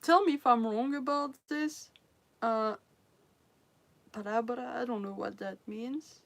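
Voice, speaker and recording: A woman's voice: fairly high pitch, measured pace. Giggly woman chatting on stream. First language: French. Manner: giggly, laughs often between phrases; hesitant, restarts sentences while searching for English words. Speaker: livestream host. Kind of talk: casual livestream chat with viewers.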